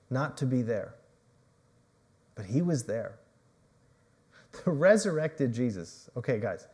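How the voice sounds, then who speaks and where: A young adult male pastor preaching a livestreamed sermon, telling a story with dramatic storytelling and swings between loud and soft. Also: on the high side. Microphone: livestream microphone.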